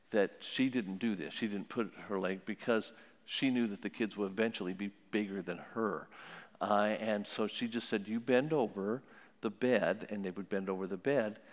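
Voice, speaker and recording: A man teaching about parenting in a sermon style, telling stories in an animated way and repeating his key phrases. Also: lowish voice. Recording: long hall reverb.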